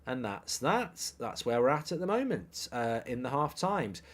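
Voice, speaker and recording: The voice is a man, middle-aged, riffing on football for a live-stream audience. He is opinionated and jokey, with casual swearing, and his voice sits at a middling pitch. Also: sing-song, measured pace, fairly bright tone. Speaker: football watchalong host. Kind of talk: live-stream football chat, reading viewer comments.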